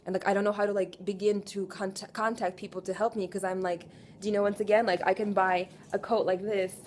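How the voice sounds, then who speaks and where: A woman in her twenties venting in an emotional confessional rant, raw and profane, swinging from quiet weariness to loud exasperation and asking again and again whether you follow her. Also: mid-range voice, flat delivery, brisk, a little hiss or hum. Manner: raw, profane, keeps asking "do you know what I'm saying". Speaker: vlogger.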